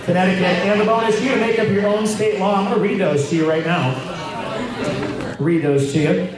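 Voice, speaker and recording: A man with a high, bright-sounding voice hosts a live trivia night, reading answers and tossing in wry jokes. He is picked up from a distance in a very echoey room. A crowd is clearly audible behind him. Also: brisk. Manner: joking, wry asides. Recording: very echoey room, mic far off, loud crowd.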